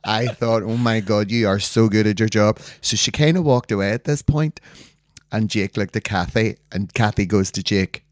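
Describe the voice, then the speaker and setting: A Northern Irish man sits in a dead, dry studio, chatting with a co-host. His voice sits low, and he tells his stories with gusto. He keeps jumping into the voices of the people he quotes. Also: normal speed, no room sound. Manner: animated storyteller acting out voices of people he quotes. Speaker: podcast co-host. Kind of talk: casual chat, storytelling.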